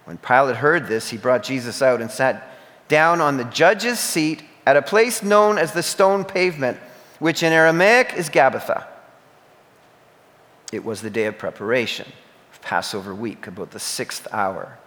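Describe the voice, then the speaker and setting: A man reading scripture aloud at a church service, measured and expressive, in a church sanctuary. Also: mid-range voice. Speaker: scripture reader. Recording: reverberant church hall.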